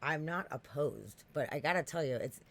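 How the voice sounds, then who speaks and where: A woman with an East Coast accent co-hosting a podcast livestream, chatty and excitable, swearing casually. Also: sits low, moderate pace. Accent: American East Coast. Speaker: podcast co-host.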